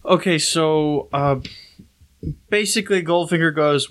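Bright-toned man recapping a plot loosely. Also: fairly high pitch, brisk. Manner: loose, rambling retelling with filler words. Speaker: podcast co-host.

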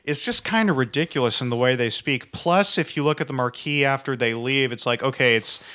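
A man's voice: medium pitch, a little fast, pushed and bright. A man in casual podcast chat, giving wry, critical remarks about a film. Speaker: podcast co-host.

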